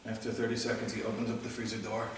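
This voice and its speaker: A man's voice: fairly low pitch, little pitch movement, fast talker, a little hiss or hum. A man, possibly a rabbi, giving an informal talk on Jewish practice, opening with a joke in a conversational teaching manner. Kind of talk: informal Torah class talk. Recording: echoey hall, mic at a distance, faint ambience.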